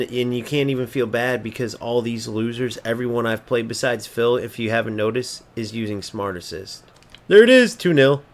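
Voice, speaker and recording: A man at an ordinary middle pitch rants through his football video game match, cursing constantly and mocking his opponents. He drops to low mutters, then bursts out loud again. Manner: angry, profane, swings between mocking and muttering. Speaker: gaming streamer. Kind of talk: ranting live gameplay commentary.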